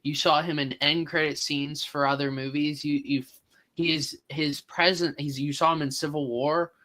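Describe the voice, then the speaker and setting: A man co-hosting a casual movie podcast, talking through his views in a thoughtful, halting way. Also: fairly high pitch, level tone, bright, forceful tone, low-quality recording. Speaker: podcast co-host.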